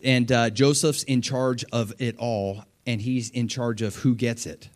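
A man preaching a sermon, retelling a scripture story with animated, acted-out dialogue. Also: medium pitch, unhurried. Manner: animated storytelling, acting out voices. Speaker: pastor.

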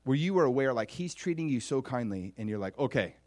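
A man's voice: medium pitch, quick pace, no echo. A man preaching a sermon, asking his listeners questions and acting out scripture with growing feeling. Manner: animated, acts out biblical speech with rising emotion; asks the audience questions and waits for answers. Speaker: pastor.

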